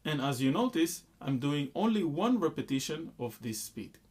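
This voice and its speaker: A man's voice: a little high, big pitch swings, moderate pace, background noise. A man patiently explaining a rhythm exercise, counting beats and chanting syllables between explanations. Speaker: music teacher. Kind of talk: rhythm lesson with sung syllables.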